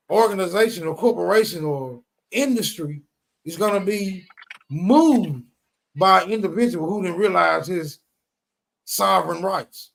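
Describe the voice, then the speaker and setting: A man's voice: high voice, gravelly. A man in a casual chat talking bluntly, with heavy slang and swearing.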